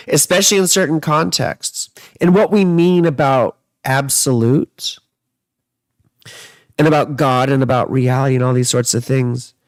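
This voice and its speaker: A man's voice: mid-range voice, dry recording. A man, an astrologer and tarot reader, chatting casually on a livestream and answering viewer comments in a rambling, playful way. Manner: rambling and playful, mixing jokes with musing.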